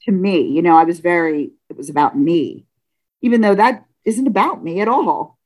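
Woman telling a personal story. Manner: animated, acts out dialogue with pitch leaps; halting, frequent restarts and self-corrections.

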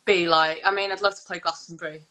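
A woman's voice: fairly low pitch, steady tone, quick pace, sharp tone. A nineteen-year-old woman, a singer-songwriter guest, chatting casually and filling her talk with "like". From England. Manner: chatty, fills with "like", laughs often. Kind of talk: casual chat.

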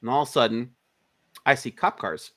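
An interviewed indie filmmaker, speaking a little fast in a mid-range voice, works through a long anecdote. His talk is loose and profane, and he energetically voices the other characters' quoted lines.

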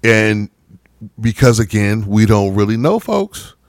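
A man co-hosting a podcast tells stories in casual, animated chat, repeatedly checking in with "right?". His voice is on the low side and unhurried, captured in a dry, clean studio recording.

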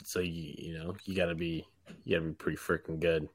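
Deep-voiced casual podcast co-host man. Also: flat delivery, fairly quick, slightly rough, dry recording. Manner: casual, with fillers and restarts.

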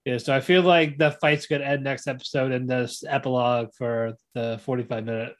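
A man's voice: mid-range voice, moderate pace. A man co-hosting a podcast in casual chat, retelling scenes with lots of laughs and restarts. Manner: animated retelling, acts out characters' lines with laughs; many fillers and restarts. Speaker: podcast co-host.

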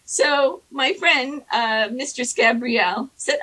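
A woman tells her stories casually and with a lot of animation, slipping into the voices of the people she quotes. Her voice sits a little high, bright and slightly husky, and it rises and falls a lot. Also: big pitch swings, a little slow, rough recording. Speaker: storyteller guest. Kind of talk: casual anecdote telling.

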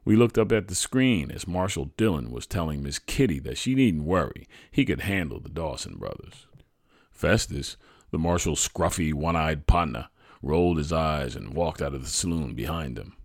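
A man reading his own true childhood story aloud in a measured, reflective way. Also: a bass voice, big pitch swings, no room sound, studio quality. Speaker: storyteller, podcast host.

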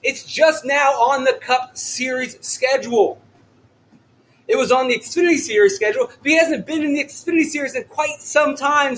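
Loud, excitable high-voiced man. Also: a little hiss or hum, rough recording. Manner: loud, excitable, often shouting. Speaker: fantasy sports podcast host. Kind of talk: solo podcast talk.

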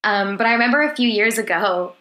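Giggly, bright-voiced woman in a roomy echo. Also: medium pitch, lively intonation, fairly quick. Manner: giggly, chatty, full of "like". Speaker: comedian guest. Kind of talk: casual podcast chat. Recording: roomy echo with faint noise.

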